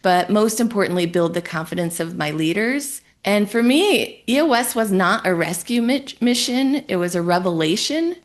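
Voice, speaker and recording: A woman from Ohio, a guest on a podcast, telling her story in an animated, emotional way and acting out her own thoughts. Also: mid-range voice, normal speed, hardly any pauses. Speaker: guest entrepreneur and business coach. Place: home in a Colorado town.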